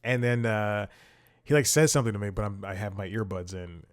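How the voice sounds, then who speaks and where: A man's voice: fairly low pitch, a little fast, clear, resonant tone. A man hosting a casual comedy recap show, telling stories in a rambling, self-interrupting way. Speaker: host.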